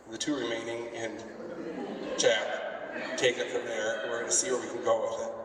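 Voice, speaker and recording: In an echoey convention hall, heard through a distant mic over background noise, an event organizer with a mid-range voice rambles through a joking story for the crowd, performing snippets of dialogue.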